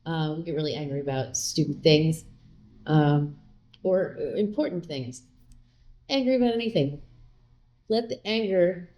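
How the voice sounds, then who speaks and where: A woman chats openly as a guest in an interview. Her voice sits a little low. She tells stories in a lively way and jumps into quoted lines of dialogue. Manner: candid, animated, acts out quoted lines. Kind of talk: casual conversational interview.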